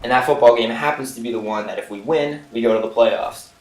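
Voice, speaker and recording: A man's voice: mid-range voice, fast, a little mellow. A young man casually telling a story from his school days, rambling with lots of "like" and "you know". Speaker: vlogger. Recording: roomy echo with faint noise.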